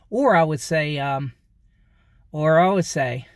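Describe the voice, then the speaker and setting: A man with a somewhat high voice talks casually to his viewers. He rambles, repeats himself and laughs between thoughts. The sound is dry and close, with no room echo. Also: takes it slowly, pauses often. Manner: rambling, repeats himself, frequent fillers and chuckles. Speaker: vlogger. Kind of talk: casual talk to camera.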